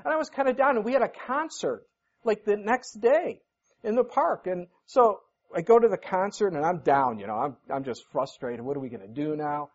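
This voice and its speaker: A man preaching a relaxed, conversational sermon, folksy and full of everyday stories. He slips into the voices of the people he quotes. The recording sounds dull and lo-fi. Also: high-pitched, moderate pace. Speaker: pastor.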